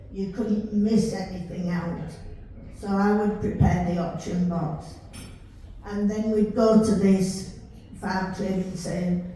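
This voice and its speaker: An older woman with a Yorkshire accent, chatting warmly as she tells stories from her life. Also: mid-range voice. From Yorkshire, England. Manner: chatty, warm storytelling with laughs. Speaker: storyteller recalling her life. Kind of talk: casual reminiscing. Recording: roomy, distant mic with faint hiss.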